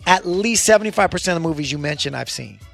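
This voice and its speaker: A man with a deeply gravelly, rough-edged voice sitting a little high in pitch, trading loose jokes and curses in a casual podcast chat. His talk is laid-back and teasing. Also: animated, fast talker, a bit bright, soft background music. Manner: joking, swearing, laid-back banter. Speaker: podcast co-host.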